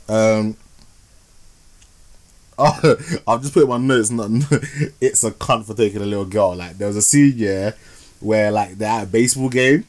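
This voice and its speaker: A man's voice: on the low side, unhurried. A man hosting a podcast, casually reviewing films in a slangy, rambling way. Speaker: podcast host. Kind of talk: casual film review chat.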